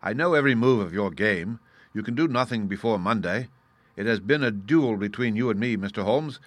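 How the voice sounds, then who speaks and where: An adult man voicing a soft-spoken, precise and menacing older criminal mastermind in an audiobook reading. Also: fairly low pitch, animated, fairly quick, no echo.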